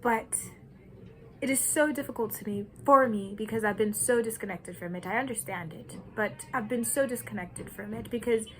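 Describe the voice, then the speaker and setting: A woman from Kenya giving an earnest, deliberate personal reflection, with nervous laughs now and then. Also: on the high side, slight background noise, low-quality recording. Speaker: vlogger.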